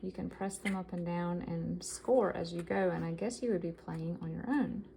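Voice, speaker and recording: Gravelly low-voiced woman showing thrift finds. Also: steady tone, normal speed, warm tone, a little hiss or hum, low-quality recording. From American South. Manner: chatty and enthusiastic, reading items aloud. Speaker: vintage collector vlogger. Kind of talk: casual show-and-tell haul.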